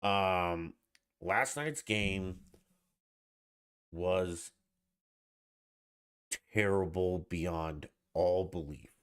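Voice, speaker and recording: A man's voice: low voice, extremely slow, long pauses, clear, resonant tone. A man hosting his own podcast alone, talking in a blunt, irritated and profane way. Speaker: podcast host. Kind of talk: casual solo podcast rant.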